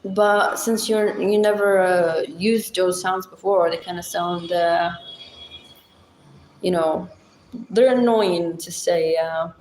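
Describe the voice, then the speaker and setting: A woman's voice: lowish voice, steady tone, slow pace, a little mellow, slight background noise. A woman hosting a casual livestream, chatting with viewers and rambling through simple language explanations with plenty of fillers. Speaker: livestream host. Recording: echoey room.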